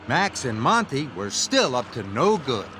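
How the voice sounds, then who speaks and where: A man narrating a children's storybook aloud in an expressive, sing-song way. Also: mid-range voice, unhurried, noisy background. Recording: read-aloud over background music. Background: music.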